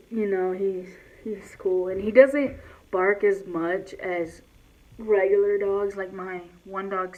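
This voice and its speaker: A woman vlogging in a casual, rambling way, speaking loudly and filling her talk with "like" and restarts. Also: medium pitch. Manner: talks loud. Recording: dull lo-fi sound with faint hiss.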